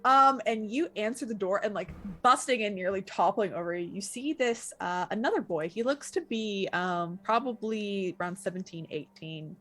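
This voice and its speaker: Casual young woman game master. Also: mid-range voice. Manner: casual, full of fillers and quick asides. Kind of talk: narrating a tabletop game.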